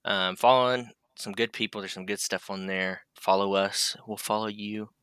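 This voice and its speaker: A man's voice: lowish voice, fairly even intonation, moderate pace, fairly bright tone, clean tone, no room sound. A man co-hosting a casual podcast, joking and swearing freely. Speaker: podcast co-host.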